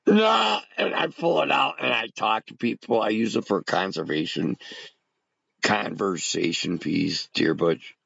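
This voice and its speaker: A man's voice: fairly low pitch, animated, a little slow, creaky, fairly bright tone, husky, dry recording, highs cut off. A middle-aged man rambling casually to his viewers on a livestream, greeting chat by name. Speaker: livestream host. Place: home bunker.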